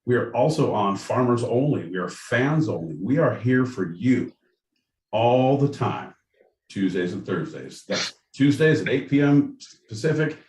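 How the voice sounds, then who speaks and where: A man's voice: medium pitch, lively intonation, measured pace, a little mellow. A man hosting a podcast live stream, talking in a loose, joking, rambling way. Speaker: podcast host. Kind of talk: casual live-stream chat. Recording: echoey room, distant mic, faint noise.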